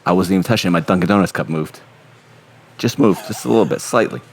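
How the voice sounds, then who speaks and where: A man's voice: low-pitched, quick pace, a little hiss or hum. A man putting on an exaggerated mock Boston accent as a crude, spooked local. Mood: salesy. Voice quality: crude, blustery.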